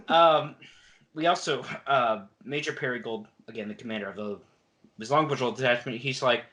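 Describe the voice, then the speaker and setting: A man's voice: mid-range voice, normal speed, pushed and bright. A man co-hosting a casual book-discussion podcast, summarizing the chapters and acting out the characters' lines. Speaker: podcast co-host.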